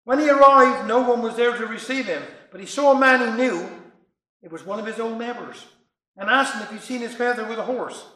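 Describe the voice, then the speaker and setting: A man's voice: very high-pitched, a little fast, pushed and bright, reverberant, poor audio. A man with a Cornish accent reciting humorous dialect poems and stories, chuckling between tales. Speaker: dialect storyteller.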